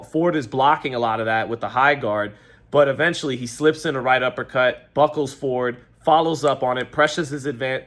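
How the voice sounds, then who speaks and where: A New man reacts to a boxing match in a loose, conversational way. He rambles, corrects himself mid-sentence and leans on fillers. His voice sits at a medium pitch. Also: fairly bright tone. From New York. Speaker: boxing commentator. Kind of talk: casual fight-reaction commentary.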